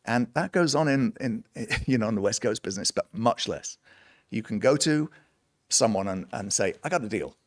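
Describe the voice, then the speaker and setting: A middle-aged man with a mostly British accent, a guest in a casual interview, telling animated stories with laughs. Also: medium pitch, moderate pace, no room sound, studio quality. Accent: British, mostly, after long years in the United States. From United Kingdom. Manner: animated storyteller who laughs often and acts out quoted voices. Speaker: guest, entrepreneur and songwriter.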